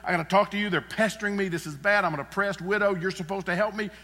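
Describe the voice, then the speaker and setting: A man's voice: sits high, fast talker, bright, forceful tone, long reverb tail, voice pushed up. A man voicing a pleading, persistent widow. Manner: pleading, insistent. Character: desperate, persistent oppressed widow.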